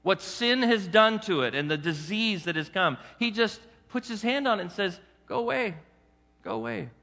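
Male pastor, sermon, bright and forceful, rhetorical and coaxing, long hall reverb. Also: high voice, moderate pace. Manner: animated, coaxing the congregation with rhetorical questions.

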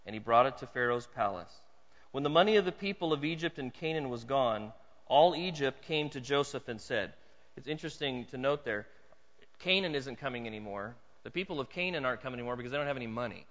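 A man preaching a sermon to a congregation, swinging from hushed storytelling to loud, emphatic points. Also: a little high, in a large hall, lo-fi sound. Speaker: pastor. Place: church hall.

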